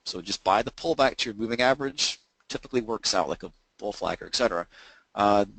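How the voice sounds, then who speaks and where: A man's voice: fairly low pitch, fast talker, creaky, fairly bright tone, no room sound, poor audio. A man coaching traders in a webinar, explaining step by step in a conversational way, with frequent fillers and restarts. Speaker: trading coach presenting a webinar. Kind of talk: webinar presentation.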